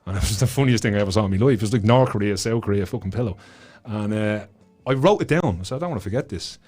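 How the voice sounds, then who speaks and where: A middle-aged Irishman appears as a guest on a chat podcast, telling his story passionately, swearing freely and repeating words as his emotions build. His voice is fairly low, fast and a little mellow, with soft music in the background.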